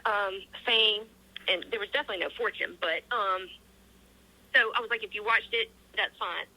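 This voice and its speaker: A woman's voice: medium pitch, normal speed, pushed and bright, rough recording. A woman answering interview questions, telling a personal story in a casual, earnest way with many ums and acted-out quoted dialogue. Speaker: interview guest.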